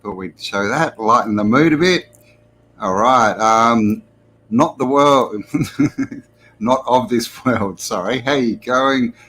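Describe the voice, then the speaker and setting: A man's voice: medium pitch, takes it slowly, a bit bright, a little hiss or hum. An Australian man hosting a casual live stream. He rambles, chuckles and greets viewers by name. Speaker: host.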